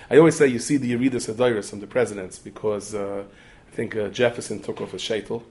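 A man giving a storytelling sermon, talking quickly with digressions, asides and repeated restarts. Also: fairly low pitch, fairly even intonation, darkish tone. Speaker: preacher telling a story.

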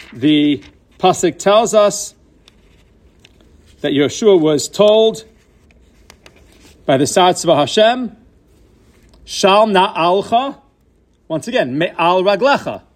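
Guy with a high voice teaching torah, keeps asking questions then answering them, drops hebrew words in. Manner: mixes Hebrew and Yiddish-style terms into English. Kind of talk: Torah class lecture.

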